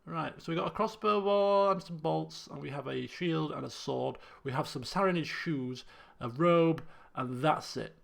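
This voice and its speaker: A fairly high-pitched, gravelly-voiced man talks at normal speed as he streams a video game with live commentary. Chatty and self-mocking, he frequently restarts and laughs, and faint guitar music sits behind him.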